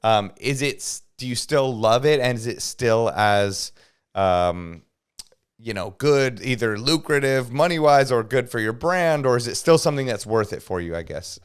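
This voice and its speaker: Smooth-voiced, agreeable man podcast host. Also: medium pitch, lively intonation. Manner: agreeable, quick to laugh. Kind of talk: casual podcast interview.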